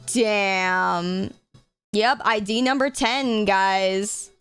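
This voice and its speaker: A young woman chats casually on a live stream, cursing freely and bursting into excitement. Her voice is slightly high and crisp, recorded dry and close. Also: slow pace, no room sound. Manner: chatty, swears freely, excitable.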